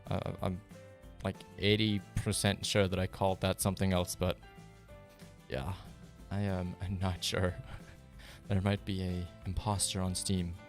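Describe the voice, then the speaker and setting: A man whose first language is German, chatting casually with viewers on a live stream in a fairly monotone, rambling way full of fillers. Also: low voice, a little slow, soft background music. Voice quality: fairly monotone, even delivery. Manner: relaxed, rambling, with many fillers and restarts.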